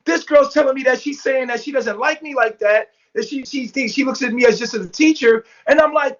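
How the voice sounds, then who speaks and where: A man's voice: very high voice, fast talker. Guy telling a wild story, swears a lot, does everyone's voices, muffled sound. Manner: animated, profane, acts out quotes in voices. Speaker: interview guest. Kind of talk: casual storytelling. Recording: dull lo-fi sound.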